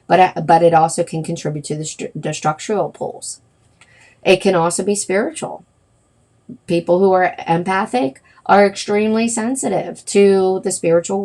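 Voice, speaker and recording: A woman's voice: medium pitch, moderate pace, darkish tone. A middle-aged woman hosting a wellness livestream, talking casually and rambling, with many fillers and self-corrections.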